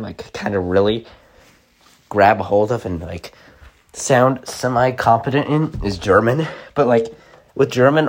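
A young man talking casually in a mid-range voice, rambling from thought to thought. He starts over often and leans on filler words. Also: medium pitch. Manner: rambling, full of likes and restarts.

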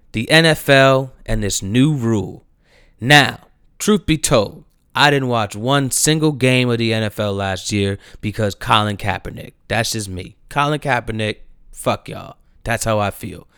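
A young man with a New Jersey accent, ranting in slangy, profane casual talk, swinging from low mutters to loud exasperated outbursts. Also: creaky, clean tone, no room sound, clean studio sound. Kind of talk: casual opinion rant.

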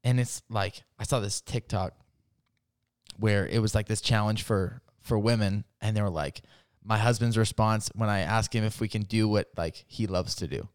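Smooth-voiced man in rambling podcast chat. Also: on the low side, moderate pace, no room sound, clean studio sound. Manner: rambling, filler-heavy, laughs while retelling stories. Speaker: podcast guest.

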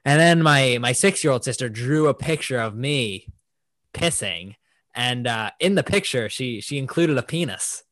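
A man's voice: mid-range voice, expressive, moderate pace, fairly bright tone, no echo. A young man chatting casually and loosely, rambling with lots of "like". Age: young adult. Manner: loose, rambling, heavy use of "like". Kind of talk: casual chat.

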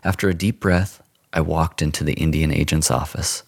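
Deep creaky male storyteller. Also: normal speed, no room sound, studio quality. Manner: expressive, dramatic storytelling. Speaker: narrator. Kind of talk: first-person audiobook narration.

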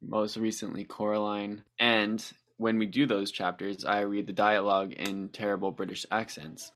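A podcast co-host speaks in a lowish, fairly bright voice with little pitch movement and a moderate pace. His casual chat rambles, he stumbles over words, and he laughs often.

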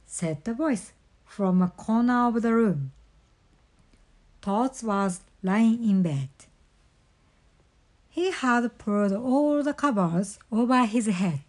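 A woman reading a children's storybook aloud in a gentle, deliberate way. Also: a little high. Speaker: storybook reader.

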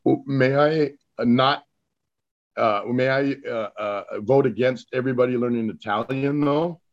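A middle-aged man talking as a podcast guest, halting and self-deprecating. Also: medium pitch, lo-fi sound. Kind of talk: casual chat.

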